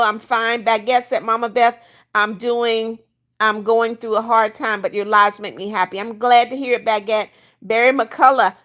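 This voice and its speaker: A woman's voice: on the high side, fairly bright tone. An older woman hosting a casual livestream, reading viewer comments aloud and bluntly kicking out troublemakers. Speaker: livestream host reading chat.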